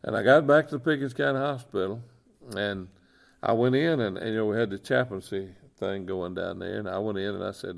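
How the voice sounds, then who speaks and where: A man's voice: fairly low pitch, brisk, creaky. A middle-aged man, a chaplain telling an earnest, folksy faith story and repeating his points. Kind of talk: testimony storytelling on a talk show.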